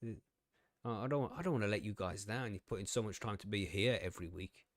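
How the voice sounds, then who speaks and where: A man's voice: on the low side, fast, no room sound, clean studio sound. A man hosting a live stream, chatting casually, rambling and poking fun at himself, with frequent swearing and easy laughter. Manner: rambling and self-deprecating, swears often, laughs easily. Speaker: podcast host.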